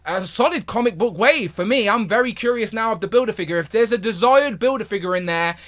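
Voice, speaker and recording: A man hosting a toy review video, talking in an enthusiastic, chatty way with a hoarse voice. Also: high-pitched, a bit bright. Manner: enthusiastic, chatty, repeats pleas to viewers. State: hoarse, losing his voice. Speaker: toy review channel host.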